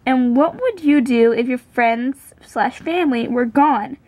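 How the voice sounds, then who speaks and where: A woman's voice: high voice, a little slow, dry recording, phone-quality sound. A woman hosting a casual question session, playfully reading questions aloud. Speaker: host asking questions.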